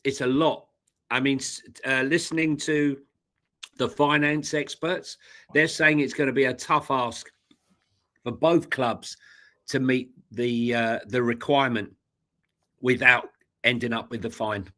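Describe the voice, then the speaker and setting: A man co-hosting a football talk livestream, asking questions in a lively, joking way. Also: mid-range voice, measured pace, pauses often. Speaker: co-host.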